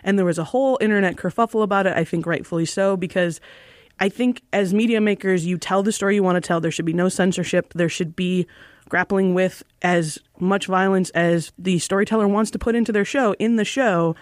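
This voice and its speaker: Brief: female co-host, earnest and measured, dry close sound. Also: mid-range voice, steady tone, no room sound. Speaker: podcast co-host. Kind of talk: casual chat.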